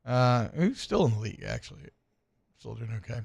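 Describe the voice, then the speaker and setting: A man's voice: medium pitch, sing-song, fairly quick, gravelly, a little mellow, slightly rough, highs cut off. A man co-hosting a sports radio show, talking in brash, joking banter and trash talk.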